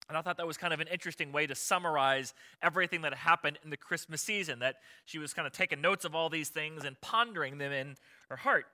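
A man's voice: fairly high pitch, fast, sharp tone. A man preaching a conversational sermon as a pastor, chatty and often asking his listeners rhetorical questions.

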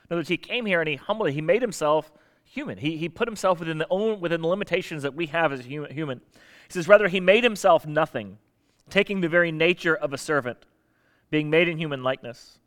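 A pastor from the Southern US preaching in a loose, conversational sermon. His voice sits a bit high for a man, and he swings between punchy emphasis and low, dry asides. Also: quick pace, a bit bright.

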